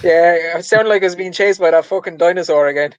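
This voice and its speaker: A man's voice: sits high, fast, lo-fi sound, a crowd in the background. A man co-hosting a podcast, talking casually about betting in an easygoing, self-deprecating way. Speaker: podcast co-host.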